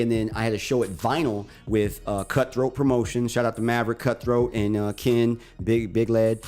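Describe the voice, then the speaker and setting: A man co-hosting a radio talk show, telling a long personal story in a lively, animated way and acting out the other people's lines. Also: medium pitch.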